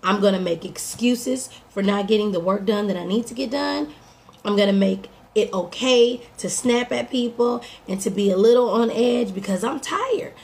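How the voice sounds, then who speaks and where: A woman life coach giving an upbeat, direct motivational morning talk to her listeners, her voice a little hoarse. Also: medium pitch, normal speed, a little mellow. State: slightly hoarse. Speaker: life coach and podcast host.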